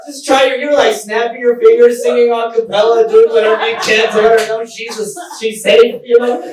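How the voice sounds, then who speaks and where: A high-pitched young man from Texas works through a stand-up set, telling his stories in an animated way and cracking up at his own jokes. He sounds a little far from the mic, in a very echoey room with a faint hiss behind him. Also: brisk, a crowd in the background. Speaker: stand-up comedian. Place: live comedy stage in a small theater.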